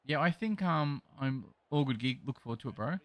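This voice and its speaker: A man's voice: medium pitch, expressive, brisk. An Australian man live streaming a game, chatting casually and greeting his viewers as mate and bro. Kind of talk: casual chat reading live chat while gaming.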